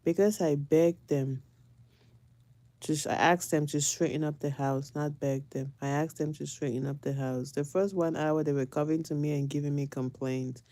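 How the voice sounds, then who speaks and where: A woman's voice: deep voice, steady tone, moderate pace, warm tone, dry recording. A woman, a mother, chatting casually to camera, repeating phrases for emphasis and often breaking into laughs. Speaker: vlogger and mother.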